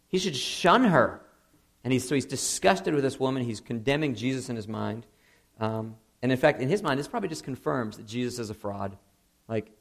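A man delivers a sermon in a relaxed, chatty way, as if talking straight to the people in front of him. His mid-pitched voice has a gravelly, creaky texture. He keeps asking the listeners questions and now and then leaps up in pitch for emphasis. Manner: conversational, asks the audience questions, frequent "okay?" and "right?"; animated, rising to high emphatic bursts. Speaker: pastor.

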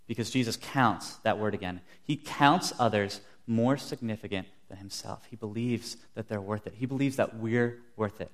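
A man's voice: fairly low pitch, normal speed. A young man preaching a sermon, earnest, telling stories and acting out the quotes he gives. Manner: earnest, storytelling with acted-out quotes.

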